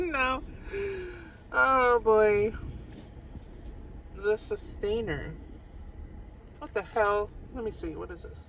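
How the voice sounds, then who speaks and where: A woman's voice: fairly low pitch, fairly bright tone, a little hiss or hum, rough recording. A woman giving a casual tarot reading to her viewers, chatty and giggly, repeating phrases for emphasis. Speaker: tarot reader.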